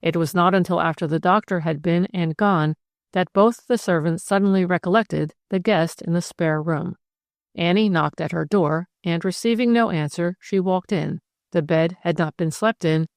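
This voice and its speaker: A woman narrates a classic mystery audiobook with a measured, even reading. Her voice sits on the lower side. The recording is dry and close. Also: vocal fry, dry recording. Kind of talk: scripted narration.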